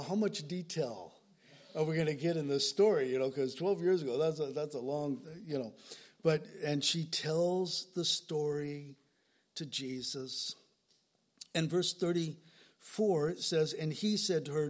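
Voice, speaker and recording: A man's voice: fairly high pitch, darkish tone. Older man preaching a heartfelt sermon. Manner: earnest, storytelling, repeats words when moved. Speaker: pastor.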